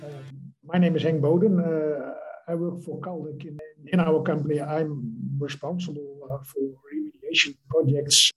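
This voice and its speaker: Slightly high-voiced hesitant male guest. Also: steady tone, moderate pace, few pauses, fairly bright tone, muffled recording, faint music behind. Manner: hesitant, repeats words. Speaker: guest, remediation project manager. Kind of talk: interview answers.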